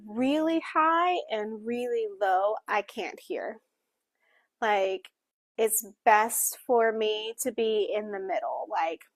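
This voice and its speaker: A woman co-hosting a casual book discussion, talking while she signs and voicing for a signing co-host, in a halting, self-correcting way. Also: a little high, dry recording.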